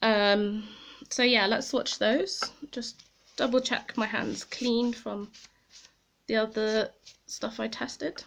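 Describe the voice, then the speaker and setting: A woman's voice: fairly high pitch, steady tone, slow pace, creaky, fairly bright tone. A woman chatting casually to camera as a beauty vlogger, rambling and commenting on herself as she tries products. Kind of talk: casual makeup review to camera.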